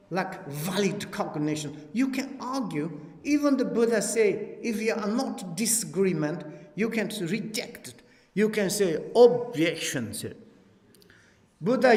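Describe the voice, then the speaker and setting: A Buddhist teacher with a high male voice leads a dharma session at a retreat, laughing and animatedly acting out dialogues in non-native, broken English. The hall's echo leaves a long reverb on the recording.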